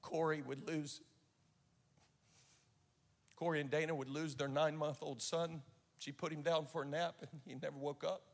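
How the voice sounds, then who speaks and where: Gravelly earnest preacher in an echoey hall. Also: male voice, on the high side, little pitch movement, moderate pace, pauses often. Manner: earnest, stammering restarts. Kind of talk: sermon with personal storytelling. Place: church sanctuary.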